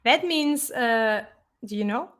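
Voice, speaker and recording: Brief: woman from Portugal, native Portuguese speaker, language-teacher guest, high bright pitch, playful coaching. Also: animated, takes it slowly. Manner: friendly, teasing, coaches pronunciation. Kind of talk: guest chat on a live show.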